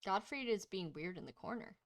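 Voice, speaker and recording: A woman's voice: medium pitch, lively intonation, a little fast. A woman running a tabletop game as game master, chatty, laughing often and trailing off into fillers.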